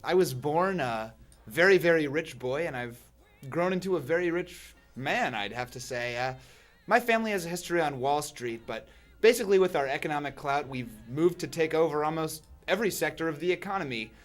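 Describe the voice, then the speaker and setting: Male guest, mid-pitch, smug boasting satire, faint music under. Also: animated, a little fast. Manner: smug, self-satisfied boasting. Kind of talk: satirical in-character comedy.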